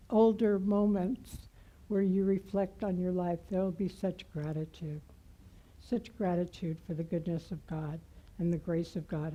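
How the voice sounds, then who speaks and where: Woman guest minister, unhurried heartfelt sermon, very dark mellow tone. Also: medium pitch, lo-fi sound. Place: church sanctuary.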